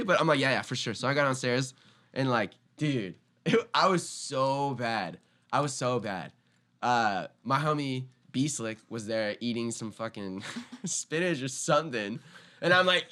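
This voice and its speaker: Speaking at a measured pace in a medium-pitched voice, a young man who skateboards tells a casual story as a podcast guest. He performs the quoted lines in loud, animated voices.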